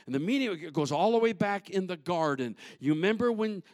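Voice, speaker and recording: Pastor, male, high tenor, dry close sound, preaches in surges, shouts the peaks, mutters the asides. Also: expressive, a little fast, dry recording. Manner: builds to shouting peaks, drops to low asides; folksy, repetitive, call-and-response. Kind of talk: sermon.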